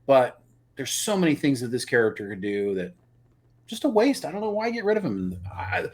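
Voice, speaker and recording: A man co-hosting a live review podcast, chatting casually and getting animated as he makes his points. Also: mid-range voice, normal speed. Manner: animated, opinionated, repeats words when excited. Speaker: podcast co-host.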